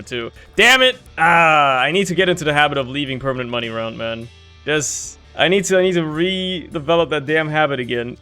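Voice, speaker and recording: A man giving casual commentary on his own gameplay, swinging between low grumbling and loud frustrated outbursts.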